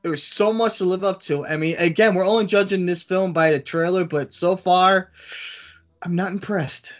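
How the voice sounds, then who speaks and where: A man co-hosting a podcast in casual chat, animated and sometimes trailing off to restart his thoughts. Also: high voice, normal speed. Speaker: podcast co-host.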